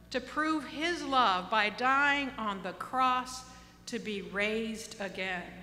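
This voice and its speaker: A woman pastor giving a sermon, earnest and direct, slowing down for emphasis and dropping into casual asides. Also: high-pitched, pushed and bright, big-room sound, a little hiss or hum.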